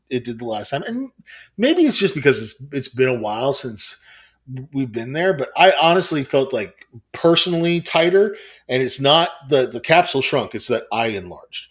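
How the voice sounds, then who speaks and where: Casual male podcast co-host in his thirties who rambles, restarts and swears. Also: medium pitch.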